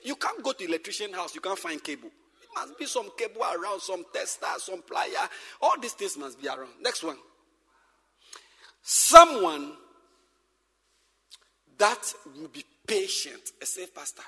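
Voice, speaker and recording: A man preaching with a high, bright, husky voice that leaps all over the scale. He repeats his phrases and swings from shouting to whispering. The sound rings with the long echo of a big hall. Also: sing-song, a little slow, pauses often. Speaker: pastor. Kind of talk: sermon to church workers.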